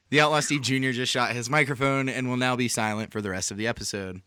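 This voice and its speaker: A man's voice: medium pitch, steady tone, fast, hardly any pauses, sharp tone, clean tone. A man hosting a podcast, chatting casually and teasing his co-host in playful banter. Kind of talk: casual chat.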